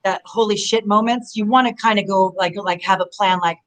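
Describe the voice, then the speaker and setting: A woman in her forties talks as an interview guest in a middle-pitched voice. She rambles through animated stories and leans on "you know" as she goes. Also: brisk, low-quality recording. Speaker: guest, former pro wrestler. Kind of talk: casual interview storytelling.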